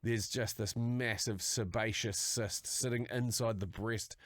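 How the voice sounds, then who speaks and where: Laughing crude co-host. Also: male voice, lowish voice, steady tone, unhurried, no echo, studio quality. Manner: laughs a lot, crude banter, tells yarns. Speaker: podcast co-host. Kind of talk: casual podcast chat.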